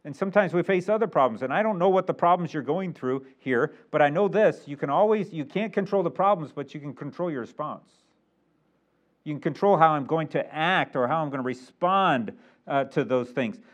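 Male preacher, higher voice, dull low-fi church recording. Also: a little fast. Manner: reads King James verses aloud, swells louder on key points. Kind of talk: sermon.

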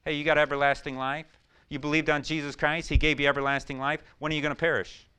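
A man preaching a sermon, swinging between loud emphatic questions and quiet, low storytelling. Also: level tone, quick pace, clean tone.

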